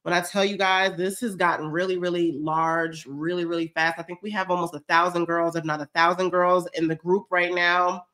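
Bright, chatty woman vlogger. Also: lowish voice, level tone, normal speed, hardly any pauses. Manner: chatty, effusive, says y'all often. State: stuffy from a cold. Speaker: vlogger hosting a fitness check-in livestream. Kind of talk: casual livestream chat reading comments.

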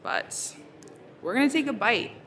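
A chatty woman streaming live, slow and unhurried, her voice bright and clear. She fills her talk with "like" and "so" while she works with her hands. Faint noise of a busy convention sits behind her. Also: on the high side, very animated. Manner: chatty, lots of fillers, talking while crafting. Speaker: ASMR creator. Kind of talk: casual live-stream chat.

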